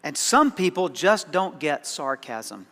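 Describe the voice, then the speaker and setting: A man's voice: a little high, sing-song, takes it slowly, pushed and bright, big-room sound. A man preaching a sermon as pastor, conversational and dryly sarcastic, often repeating words as he starts a thought. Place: church sanctuary.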